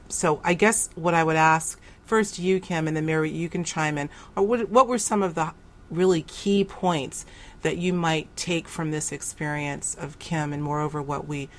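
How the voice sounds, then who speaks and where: A woman hosting a radio interview, speaking in a reflective, halting way with many restarts. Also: low voice. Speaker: radio host.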